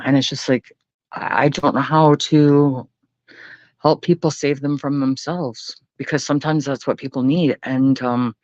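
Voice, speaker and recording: A man's voice: medium pitch, no room sound, highs cut off. A man hosting a late-night livestream, talking earnestly and rambling, often swearing. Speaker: livestream host.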